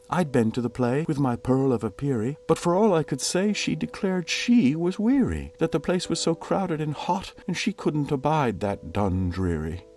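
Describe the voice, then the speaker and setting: A man's voice: lowish voice, darkish tone, slight background noise. A man giving a dramatic, theatrical reading of comic and ballad verse, shifting his tone from line to line. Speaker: poetry reader.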